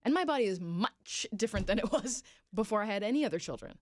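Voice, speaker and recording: A woman's voice: medium pitch, expressive, quick pace. A woman on a radio talk show, frank and emphatic, coming back to her point again and again.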